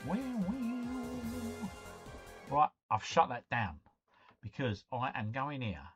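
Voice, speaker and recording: A middle-aged British man hosts a live stream, chatting in a matey way with viewers while reading out and answering their comments. His voice is medium-pitched and a bit bright, with lively intonation and a measured pace. Soft music plays behind the dull, lo-fi sound of his stream mic.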